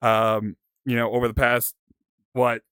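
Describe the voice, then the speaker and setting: A man's voice: mid-range voice, little pitch movement, measured pace, a bit bright, clean tone, no echo, studio quality. A young man hosting a podcast in casual, laid-back chat, often stumbling over his words. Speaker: podcast host.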